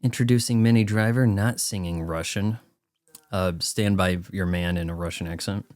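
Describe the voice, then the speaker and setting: A man's voice: low voice, steady tone, moderate pace, a little mellow, dry recording. A man giving casual movie watch-along commentary, riffing sarcastically in a rambling way. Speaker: film commentator.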